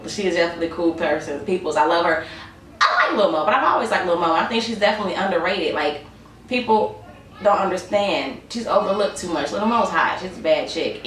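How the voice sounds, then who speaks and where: Young woman vlogger, tired, chatty and sassy, slightly low voice, echoey room with faint background noise. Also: a bit bright. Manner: sassy, chatty, addresses viewers as y'all. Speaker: TV show reviewer. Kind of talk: casual vlog review. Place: room at home. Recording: roomy sound, mic at a distance.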